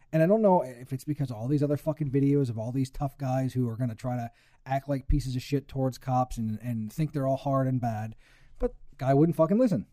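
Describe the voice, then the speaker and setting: A man's voice: medium pitch, mellow, no room sound, clean studio sound. A young man ranting heatedly with lots of swearing in a casual chat.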